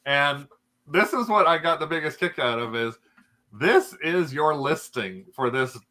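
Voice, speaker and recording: A man hosting a casual podcast chat, animated, exclaiming and laughing often. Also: a little high, unhurried. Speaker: podcast host.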